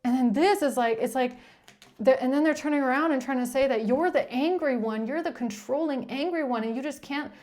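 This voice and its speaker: High-voiced blunt woman tarot reader. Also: a little fast, a little mellow. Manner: blunt and exasperated, swears freely; rambling, with frequent restarts and filler "like". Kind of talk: casual tarot reading monologue.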